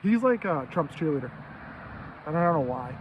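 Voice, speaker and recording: A man's voice: fairly high pitch, sing-song, moderate pace, a little hiss or hum. A man in his fifties giving a profane, rambling monologue full of rhetorical questions. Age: 50s. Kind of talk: casual ranting monologue. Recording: dull lo-fi sound.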